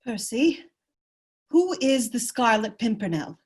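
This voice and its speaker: A woman's voice: fairly high pitch, very animated, takes it slowly, husky, full character voice. A woman reading the part of a frustrated, disillusioned young noblewoman at a virtual table read of a radio play, earnest and exasperated. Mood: wary. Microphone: video call.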